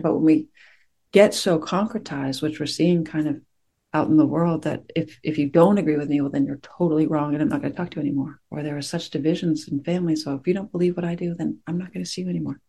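A woman meditation teacher speaks to her class in a gentle, reflective way, pausing often to find her words. Her voice is warm and mellow, with a gravelly edge and a husky, breathy grain. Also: sits low. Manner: gentle, reflective, searching for words with many pauses. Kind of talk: dharma talk to a class.

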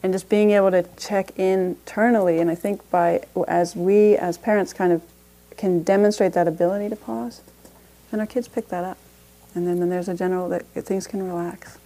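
A woman's voice: on the low side, fairly even intonation, normal speed, warm tone. A woman teaching a parenting class as a meditation teacher, talking conversationally with frequent restarts and light laughs.

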